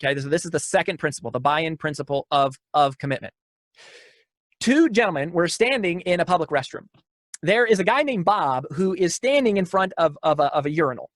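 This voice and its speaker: A man gives a motivational keynote talk in a high, bright-pitched voice, repeating his key lines for emphasis. He tells his stories with energy and restarts phrases often. The sound is dry and close, with no room echo. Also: lively intonation, a little fast.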